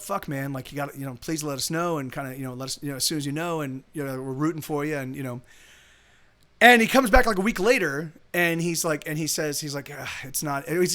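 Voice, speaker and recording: A man's voice: a little high, bright, forceful tone. Rambling man telling a story. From United States. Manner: rambling, many restarts and "you know"s. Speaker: musician streaming live. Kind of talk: casual storytelling to a live stream. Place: home streaming setup.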